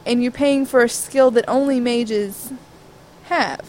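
A woman's voice: on the high side, slow, a little mellow, rough recording. A woman in casual chat, explaining her ideas in a matter-of-fact way.

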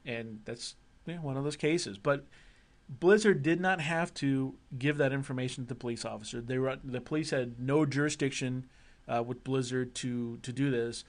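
A man's voice: mid-range voice, normal speed. A man co-hosting a casual gaming podcast, rambling and joking, with lots of fillers and restarts. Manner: rambling, joking, self-interrupting. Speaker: podcast co-host.

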